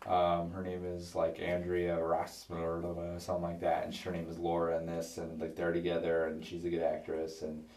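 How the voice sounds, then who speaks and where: A drunk man retelling a film in a rambling, halting way, full of filler words. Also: low voice, monotone, darkish tone, far from the mic. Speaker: comic film recapper.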